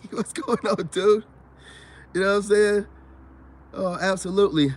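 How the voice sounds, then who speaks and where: A man's voice: sits high, unhurried. A man hosting a livestream, ranting casually and profanely while greeting chat viewers by name. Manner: profane, animated, repeats "you know what I'm saying". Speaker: livestream host.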